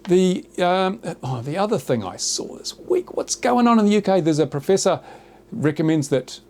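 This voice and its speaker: A man's voice: high-pitched, big pitch swings, moderate pace, darkish tone. Sarcastic New Zealand man ranting. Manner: sarcastic, exaggerated. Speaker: YouTuber host. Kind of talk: casual ranting chat. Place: small rural workshop studio.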